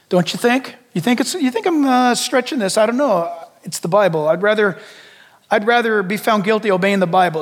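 A male pastor delivers a sermon in a high voice. He stays emphatic, doubles back on his phrases and keeps asking the congregation rhetorical questions. His voice carries through a church with a long reverb tail. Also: fairly bright tone.

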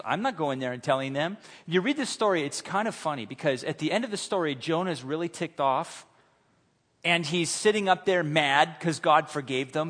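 Animated preacher man in an echoing hall. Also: sits high. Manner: animated, humorous, acts out voices. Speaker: pastor. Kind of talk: sermon. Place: church sanctuary.

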